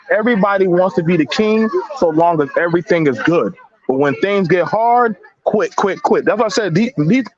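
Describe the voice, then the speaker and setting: Fiery high-voiced man debating, lo-fi sound. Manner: blunt, emphatic, repeats words, slangy. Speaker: panelist. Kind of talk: heated casual debate. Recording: dull lo-fi audio.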